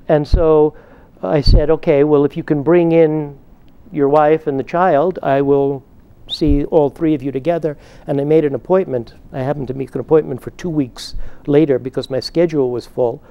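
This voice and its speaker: A man's voice: fairly high pitch, steady tone, moderate pace, mellow, clear, resonant tone, highs cut off. Man lecturing through therapy case stories. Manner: storytelling, acts out stern lines in a raised voice. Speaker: psychotherapist lecturer.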